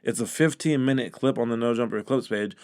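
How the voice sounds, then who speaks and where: A man giving sarcastic, incredulous reaction commentary on podcast clips, with frequent filler pauses. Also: mid-range voice, darkish tone, clean tone.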